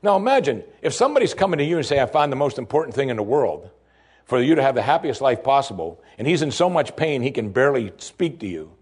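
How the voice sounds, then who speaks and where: A man preaching a sermon, lively and humorous, who drops his voice low and soft when quoting pleas. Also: quick pace, husky. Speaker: pastor.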